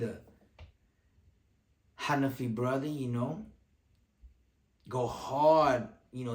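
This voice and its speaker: A man's voice: medium pitch, echoey room. A man giving casual video commentary, talking in streetwise slang and repeating lines for emphasis.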